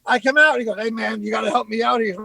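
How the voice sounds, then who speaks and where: A middle-aged male comedian, telling animated anecdotes and acting out what people said. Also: extremely high pitch, fast, vocal fry, rough recording. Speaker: comedian guest. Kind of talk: casual storytelling.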